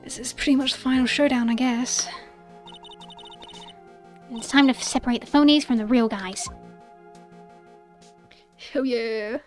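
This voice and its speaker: A woman's voice: fairly high pitch, steady tone, a little slow, pauses often, faint music behind. A young woman streaming a game, casually reading out its dialogue and swearing between lines.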